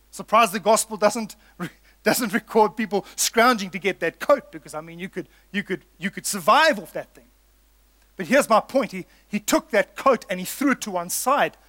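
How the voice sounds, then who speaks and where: A man with a high voice delivers a sermon. He speaks earnestly and with emphasis, returning again and again to key lines. He calls his listeners folks. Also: sharp tone, no room sound. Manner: earnest, emphatic, builds with repetition. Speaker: preacher.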